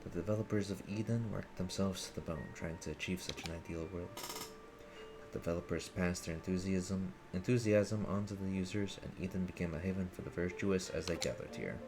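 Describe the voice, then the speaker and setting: A man reading as a calm idealistic young hacker leader. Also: low voice, a little fast, background noise. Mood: solemn. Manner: formal, solemn speeches read aloud. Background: game music.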